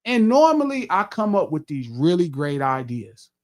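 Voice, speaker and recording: Animated, profane man telling a story. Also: fairly high pitch, normal speed. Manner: profane, animated, acts out his own quotes. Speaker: podcast host. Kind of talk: casual storytelling chat.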